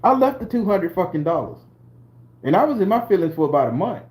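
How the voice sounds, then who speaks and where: A man's voice: high voice, very animated, quick pace. A man in his forties from southern Florida, a channel host telling personal stories and chatting with viewers, laughing often and swearing freely. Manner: loud laughing, swearing, talks to chat viewers. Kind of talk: live-stream storytelling chat.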